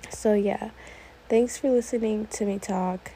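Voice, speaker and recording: A woman's voice: medium pitch, steady tone, unhurried, dark tone, slight background noise, low-quality recording. An eighteen-year-old woman hosting her own podcast, talking alone in a rambling, easily sidetracked way, full of "like"s. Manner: rambling, often sidetracked, many "like"s. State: a little emotional, teary. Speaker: podcast host. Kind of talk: casual solo podcast monologue.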